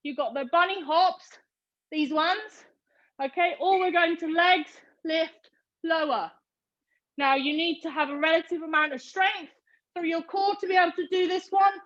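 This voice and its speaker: A woman's voice: very high-pitched, fairly even intonation, moderate pace, a bit bright, dull audio. A British woman leading a live online workout class, calling out reps and counting down as she cheers her students on. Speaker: fitness instructor.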